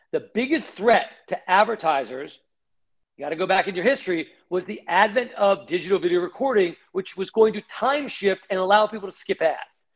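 High-voiced man telling stories fast. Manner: fast, animated, acts out quoted voices. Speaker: guest, company founder. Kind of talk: animated storytelling interview.

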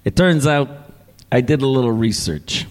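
A man performing live improvised musical comedy, animated and indignant, sometimes slipping into a put-on foreign accent. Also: medium pitch, normal speed. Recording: long hall reverb.

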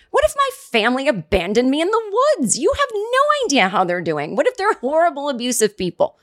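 A woman's voice: on the high side, sing-song, a little fast, few pauses, fairly bright tone. A middle-aged woman hosting a comedy podcast, delivering a sarcastic, profane comedic rant. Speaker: podcast host. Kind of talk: comedic monologue.

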